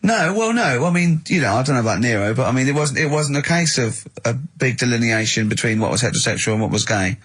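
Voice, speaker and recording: A man's voice: mid-range voice, lively intonation, quick pace, hardly any pauses, fairly bright tone, slightly rough. A man hosting a radio comedy show in a studio, teasing his co-hosts and spinning exaggerated stories with big laughs. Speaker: radio host. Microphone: studio microphone.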